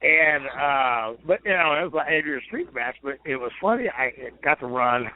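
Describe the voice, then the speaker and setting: A man's voice: mid-range voice, animated, normal speed. A man, a retired pro wrestler, telling rambling, profane stories as a guest on a phone interview. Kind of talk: casual storytelling over the phone. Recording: tinny phone line.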